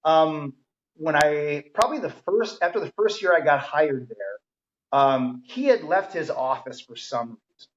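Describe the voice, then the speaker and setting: A man's voice: on the high side, lively intonation, measured pace. A man, a firefighter guest on a podcast, telling stories in a casual, enthusiastic way. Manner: enthusiastic storyteller, many ums and restarts. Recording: dull lo-fi audio.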